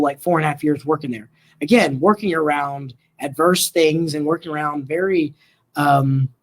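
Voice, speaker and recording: A middle-aged man from Colorado and Oklahoma, a mental health worker telling his story as an interview guest in a relaxed, rambling way, acting out quoted dialogue. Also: a little high.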